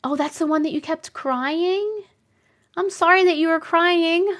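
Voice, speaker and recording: A woman's voice: very high voice, measured pace, fairly bright tone. A woman with a New York accent hosting a casual live stream, chatting with viewers, exclaiming and laughing often. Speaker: live stream host reading viewer stories.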